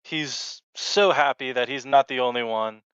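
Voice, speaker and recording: A man appears as a podcast guest and speaks in casual, offhand chat at a slow, easy pace. His voice is clear and smooth. The sound is dry and dull, like lo-fi podcast audio. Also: mid-range voice, a bit bright, dry recording. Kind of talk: casual chat retelling an episode.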